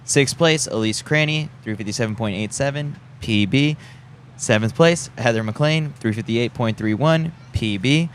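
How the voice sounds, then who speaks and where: A man hosting, steadily reading out race results in a brisk, listing manner. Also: medium pitch, slight background noise.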